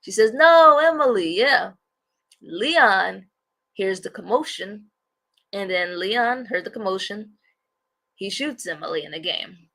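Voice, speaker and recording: A woman's voice: mid-range voice, animated, measured pace, sharp tone. A woman hosting a casual livestream, rambling and repeating herself as she talks to viewers. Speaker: livestream host.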